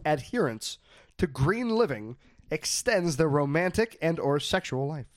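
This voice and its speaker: Man, comedy host, teasing banter, animated, dry close sound. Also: on the high side, a little slow, no room sound. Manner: playful, teasing, lively delivery.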